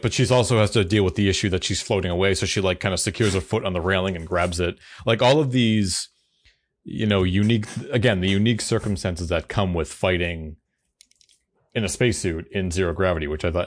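A man co-hosting a podcast, chatting casually and rambling with frequent restarts. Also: low voice. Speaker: podcast co-host. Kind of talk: casual chat.

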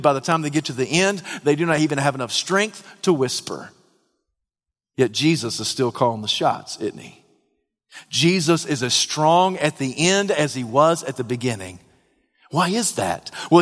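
A man preaching a sermon, swinging dramatically from hushed, quiet lines to loud, shouted ones. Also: fairly high pitch, lively intonation, moderate pace. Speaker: pastor. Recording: long hall reverb.

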